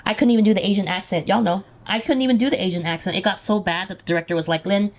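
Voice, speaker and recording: A woman's voice: mid-range voice, rapid-fire. A woman hosting a podcast in a casual chat, teasing her guest and prompting her with questions. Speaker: podcast host.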